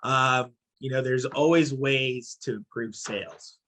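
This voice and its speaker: A middle-aged man from Haiti and New York, speaking as a podcast guest in a thoughtful, measured way. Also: mid-range voice, fairly even intonation, pushed and bright. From born in Haiti, raised in New York. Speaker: podcast guest, company CEO. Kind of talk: casual podcast interview.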